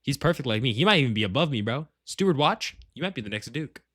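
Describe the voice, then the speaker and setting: A man's voice: medium pitch, expressive, fast, fairly bright tone, breathy edge, no room sound, studio quality. A man ranking members of his gaming group in casual, rambling commentary, full of slang and swearing. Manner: profane, rambling, slangy banter. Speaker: gaming clan leader. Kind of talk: casual tier-list commentary. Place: at home, shared with family.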